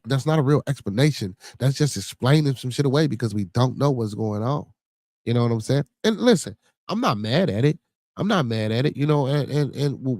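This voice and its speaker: A man with a Chicago accent and a medium-pitched, darkish voice hosts a podcast on a dry recording. He chats casually, rambling and swearing, and reads news stories aloud.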